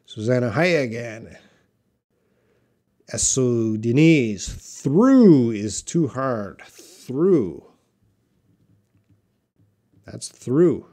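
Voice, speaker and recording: A man teaching English on a live stream, reading out viewers' questions and explaining words slowly and patiently. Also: mid-range voice, sing-song, warm tone. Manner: slow, patient, drawn-out explanations; reads viewer questions aloud. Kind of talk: live-stream English class answering chat.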